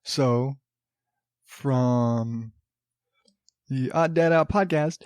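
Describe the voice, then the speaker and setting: A man's voice: mid-range voice, very slow, darkish tone, clear, resonant tone, no echo, studio quality. A man hosting his own podcast, rambling and sarcastic, restarting sentences and chuckling as he mocks the news. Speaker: podcast host. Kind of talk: casual solo podcast monologue. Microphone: studio podcast mic.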